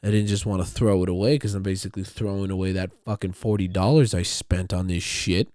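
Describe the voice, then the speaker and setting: A man's voice: sits low, steady tone, brisk, darkish tone, no echo, clean studio sound. A man hosting a podcast, talking alone in a casual, rambling way with lots of swearing and repeated words. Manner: rambling, profane, repeats himself. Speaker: podcast host. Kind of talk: casual solo monologue.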